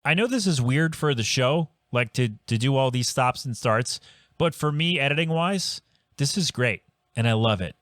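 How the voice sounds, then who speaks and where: A man hosts his own podcast alone, rambling through a rant with exasperated asides and restarts. His voice sits at an ordinary middle pitch. The sound is dry and close, with no room around it. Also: expressive, moderate pace, fairly bright tone, dry recording. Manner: rambling, exasperated, self-interrupting. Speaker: podcast host. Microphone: home podcast microphone.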